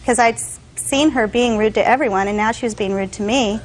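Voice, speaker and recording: A woman's voice: on the high side, brisk, rough recording. A young woman testifying as a defendant in court, telling her story with animation and acting out other people's voices.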